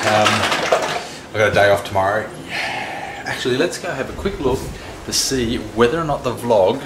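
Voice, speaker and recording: A man's voice: on the low side, noisy background. A man, casually chatting to camera in a family vlog at home, playful and talkative. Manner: playful baby talk, chatty. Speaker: vlogger. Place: home bedroom at night.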